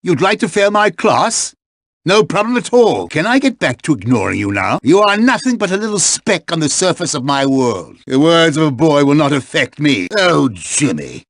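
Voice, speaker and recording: An actor voicing a stern, sarcastic member of a boarding school staff in a video game, scolding with cutting put-downs. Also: male voice, a little high, big pitch swings, moderate pace, a bit bright, no room sound, studio quality, full character voice. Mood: scornful. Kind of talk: game voice acting.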